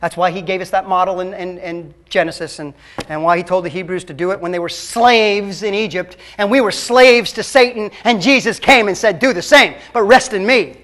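A man preaching a sermon as a pastor, emphatic and swinging between loud and hushed. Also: high voice, a little fast.

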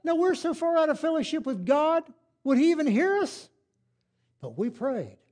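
An older man telling his testimony in a sermon, moving from hushed storytelling to loud, fervent praise. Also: extremely high pitch, very animated, normal speed. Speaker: preacher.

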